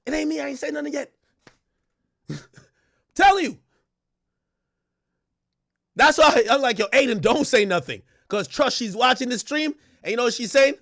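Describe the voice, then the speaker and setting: A man streaming live, telling stories loudly and animatedly, acting out quotes and laughing often. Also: very high-pitched, expressive, a little slow, gravelly, long pauses. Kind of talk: livestream commentary.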